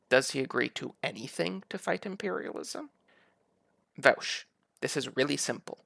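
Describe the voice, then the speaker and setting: A man's voice: mid-range voice, lively intonation, normal speed, creaky, bright, forceful tone, dry recording, clean studio sound. A man giving sarcastic, mocking political commentary over video clips. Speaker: commentary YouTuber.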